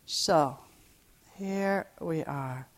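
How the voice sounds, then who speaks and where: A woman meditation teacher giving a dharma talk on retreat, telling a story in an unhurried, reflective way with gentle asides. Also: low voice.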